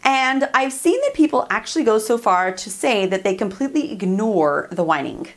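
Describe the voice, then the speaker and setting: A woman's voice: medium pitch, lively intonation, moderate pace. A woman hosting a parenting channel, giving casual advice to camera in a chatty, upbeat way, often laughing and acting out what to say. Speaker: parenting coach and channel host.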